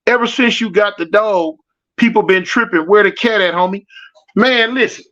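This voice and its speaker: A middle-aged man chats loosely on a livestream, calling out viewers by name and pleading for likes in easy street slang. His voice sits high for a man. The sound is a bit dull and lo-fi. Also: normal speed, sharp tone. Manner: reads out viewer comments and begs for likes. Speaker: livestream host. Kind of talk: casual livestream chat.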